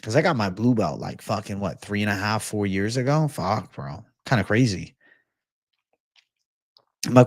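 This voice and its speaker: A man's voice: fairly low pitch, expressive, normal speed, long pauses, dry recording, clean studio sound. Laid-back swearing young man. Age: 20s. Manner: laid-back, swears often, reads chat aloud. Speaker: host of a livestream Q&A. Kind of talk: casual livestream chat.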